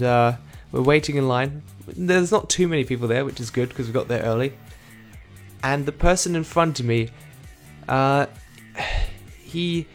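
Young man recapping his day on his vlog, rambles, corrects himself with dry asides. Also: mid-range voice. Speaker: vlogger.

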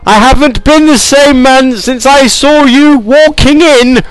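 A man's voice: clear, resonant tone, no echo, soft background music, low-quality recording. A man putting on a shrieking lovesick singer. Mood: frantic pleading. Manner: wailing, drawn-out, high. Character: screaming lovesick male singer, stalker-like.

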